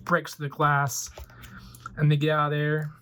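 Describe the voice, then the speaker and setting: A man's voice: fairly high pitch, completely flat delivery, measured pace, a bit bright, slight background noise. A man in his forties casually retelling a movie plot as a toy collector vlogger, rambling loosely with lots of fillers. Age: 40s.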